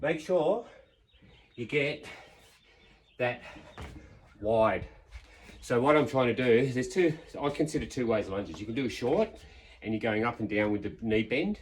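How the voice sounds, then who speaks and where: A man in his fifties chatting his way through a home leg workout, counting reps and cheering viewers on. His voice sits at a middling pitch, and a faint hiss lies under the recording. He sounds like he is working hard between the lines. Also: lively intonation, unhurried, long pauses. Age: 50s. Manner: chatty, encouraging, counts reps aloud mid-exercise. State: exerting during a leg workout. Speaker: fitness vlogger. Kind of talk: casual workout talk-along. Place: home workout space, indoors.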